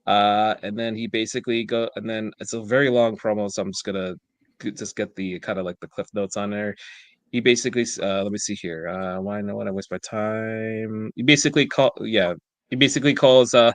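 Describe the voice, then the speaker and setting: A man's voice: on the low side, steady tone, fairly quick, no room sound. A man co-hosting a podcast, telling a casual storytelling recap of a wrestling show. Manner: storytelling recap, reads quoted lines aloud. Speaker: podcast co-host.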